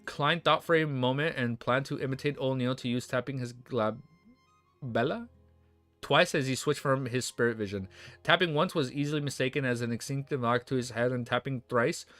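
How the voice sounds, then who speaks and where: A young man on a live stream, reading a novel aloud and breaking off for excited, swear-filled chat. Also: medium pitch, no room sound, soft background music. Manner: reads quickly then breaks into excited swearing reactions.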